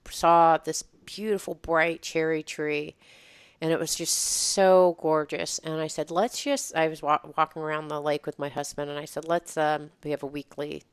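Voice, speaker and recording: Brief: female podcast host, deep smooth voice, rambling and reflective, dry close mic. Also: no echo. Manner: reflective, meandering with many fillers. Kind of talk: casual chat.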